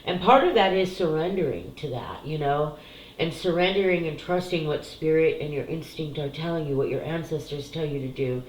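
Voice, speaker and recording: A woman's voice: low-pitched, animated, normal speed, reverberant, slight background noise, low-quality recording. A middle-aged woman, a psychic, talking candidly and emotionally to her viewers about family and spiritual cards, tearful at times and swearing freely. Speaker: psychic doing card readings. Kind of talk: casual spiritual talk to camera.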